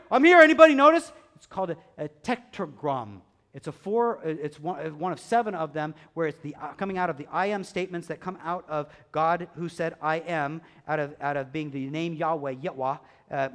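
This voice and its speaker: A man preaching a sermon as pastor, acting out quoted voices and swinging between hushed, quiet stretches and loud bursts. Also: mid-range voice.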